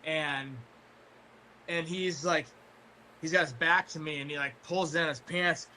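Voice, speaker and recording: Slow, rambling man telling a story. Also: on the high side, steady tone, bright, forceful tone, a little hiss or hum. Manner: rambling, full of fillers and restarts, swears freely. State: losing his voice, clearing throat. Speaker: guest storyteller. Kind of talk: casual storytelling chat.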